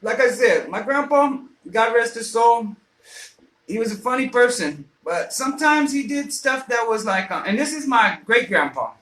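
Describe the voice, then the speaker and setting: A man with a high, bright voice spins a rambling, foul-mouthed story, stumbling over restarts and fillers. He sounds like a radio host chatting loosely, and his voice bounces around a roomy, echoey space. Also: sing-song, moderate pace. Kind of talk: casual personal storytelling. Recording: roomy echo.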